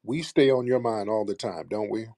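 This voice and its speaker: A man's voice: on the low side, normal speed, dark tone, no room sound. A man hosting a live talk show, speaking bluntly and sarcastically in a streetwise manner. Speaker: host.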